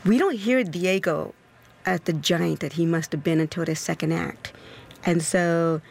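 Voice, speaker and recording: An opera composer answering interview questions in an enthusiastic, expressive way, with the pace speeding up and slowing down. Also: mid-range voice, vocal fry.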